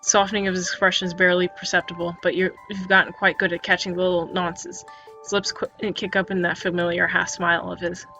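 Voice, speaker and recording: A woman's voice: on the low side, flat delivery, fast talker, sharp tone. A woman reading an interactive story game aloud in second person, stumbling and restarting words often. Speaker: narrator. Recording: dull lo-fi recording with faint music.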